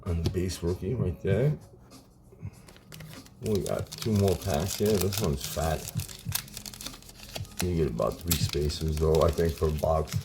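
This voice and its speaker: A man in his forties casually chatting while opening card packs on his channel, relaxed and saying "man" a lot. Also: deep voice, slow, long pauses, noisy background. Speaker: card collecting YouTuber. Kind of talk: casual pack-opening vlog.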